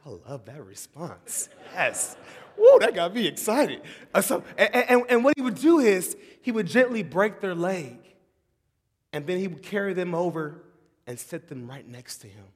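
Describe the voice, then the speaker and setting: A man preaching a sermon, moving between shouting excitement and hushed, tender tones and often calling the audience "y'all". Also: sits high, moderate pace. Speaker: pastor. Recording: long hall reverb.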